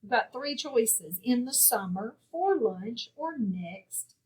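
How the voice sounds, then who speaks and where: A woman teaching a phonics lesson, walking through a worksheet and sounding out each word clearly and patiently. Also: on the high side, expressive, slow, darkish tone, low-quality recording. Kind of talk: classroom lesson walkthrough.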